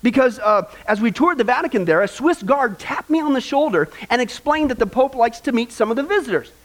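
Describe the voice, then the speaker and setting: A man preacher putting on the voice of an excited female tourist who gushes about her trip. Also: very high-pitched, a little fast. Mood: gushing.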